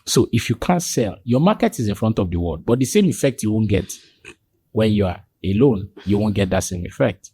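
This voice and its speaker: A man's voice: expressive, fairly quick, warm tone, breathy edge, dry recording. A man, a podcast guest telling stories in conversation and acting out the voices of the people in them. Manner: acts out quoted dialogue with sudden high jumps in pitch. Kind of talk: animated storytelling in conversation.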